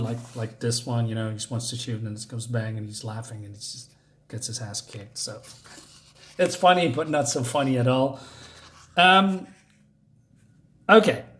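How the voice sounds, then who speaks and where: A man's voice: medium pitch, fairly bright tone. A man whose first language is not English, reviewing a comic in casual, rambling speech full of fillers and frequent chuckles. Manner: rambling, hesitant, many fillers; chuckles often.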